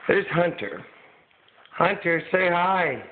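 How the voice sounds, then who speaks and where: A man with a fairly high voice talks slowly and casually at home, narrating a clip of his pet in a coaxing, chatty way with the odd curse. The sound is thin and phone-like, as if from a cheap home video camera, with a faint hiss underneath. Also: animated. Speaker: dog owner filming his pet. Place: at home indoors.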